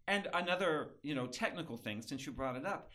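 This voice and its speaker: A man's voice: on the high side, expressive, a little fast, sharp tone. A man speaking as a guest librettist in a casual interview, chatty and self-deprecating, often laughing.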